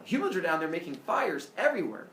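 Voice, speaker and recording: A man's voice: sits high, big pitch swings, fast, a bit bright. A man voicing a dutiful messenger god who reports in a hesitant, matter-of-fact way, in an echoey room from far off.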